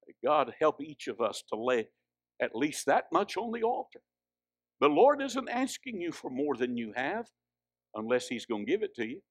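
A man preaching a sermon, swinging from hushed, drawn-out lines to loud, high exhortation. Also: very animated, no room sound, studio quality.

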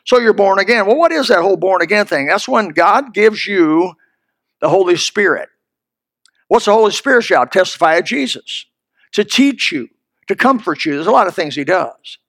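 High-voiced folksy male preacher. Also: animated, moderate pace, fairly bright tone, no echo. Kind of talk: sermon.

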